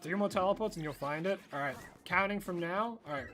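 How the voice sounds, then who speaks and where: A young man streaming a game, telling stories to his chat in an animated way and laughing often. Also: sits high, fairly quick, soft background music. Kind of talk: casual live-stream chat while gaming.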